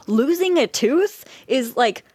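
A woman's voice: high-pitched, animated, slow pace, darkish tone, husky, no room sound. A woman co-hosting a podcast in casual chat, musing and laughing often. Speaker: podcast co-host.

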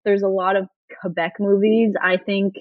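A woman's voice: mid-range voice, flat delivery, no echo. A woman chats freely as an interview guest, her words tumbling out with plenty of "like" fillers. The recording is dry and close, with a dull, lo-fi tone. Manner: chatty, fast-flowing, many "like" fillers. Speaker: interviewee, former education student. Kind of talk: casual chat.

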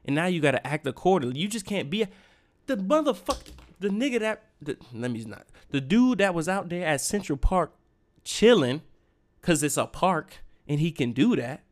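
A young man rants on his own podcast. His voice sits slightly high, and he talks in a heated, profane, emphatic way, pressing hard on each point. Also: big pitch swings, moderate pace. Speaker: podcast host. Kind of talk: solo rant.

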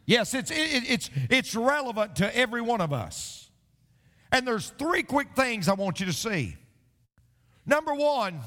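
High, lively-voiced preacher in a reverberant church. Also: male voice, normal speed. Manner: storytelling preacher mixing jokes with scripture, animated delivery; occasional stammering restarts. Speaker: pastor. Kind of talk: sermon. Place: church sanctuary. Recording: long hall reverb.

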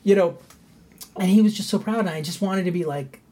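A man's voice: high voice, brisk, warm tone, slight background noise. A middle-aged man telling a personal story in frank, casual conversation, swearing freely and livening up when he quotes people.

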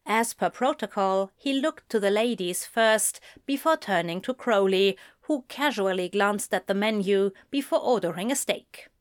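A woman narrating a story in a slow, measured storytelling voice. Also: medium pitch, lively intonation, dry recording, clean studio sound. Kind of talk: fan fiction audiobook reading.

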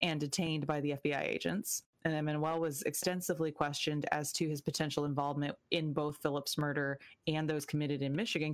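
A woman's voice: sits low, fairly even intonation, brisk. A woman co-hosting a casual true crime podcast, retelling the case bluntly with swearing and sarcastic asides. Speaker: podcast co-host.

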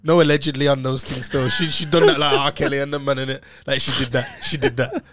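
A man's voice: medium pitch, little pitch movement, quick pace, a bit bright. A man telling a story in casual chat, full of slang and swearing and acting out what other people said.

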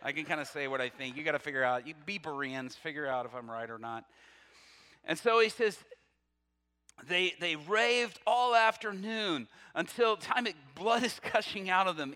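A man preaching a sermon, reading scripture aloud with lively asides, laughing often and questioning his listeners. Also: high-pitched, moderate pace. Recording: long reverb from a hall.

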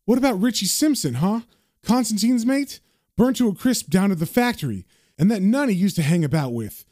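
A gossiping counterman, read aloud by a man who speaks bluntly about a local troublemaker. The voice is lifted a little and warm, recorded dry and close. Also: sits high, big pitch swings, a little fast, no room sound, pitched above the performer's own voice.

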